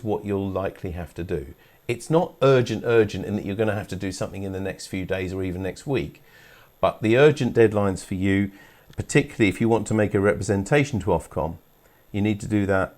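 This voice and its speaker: A man's voice: sits low, a little mellow. A man from England hosting a live club webcast, talking informally with fillers and restarts. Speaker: host.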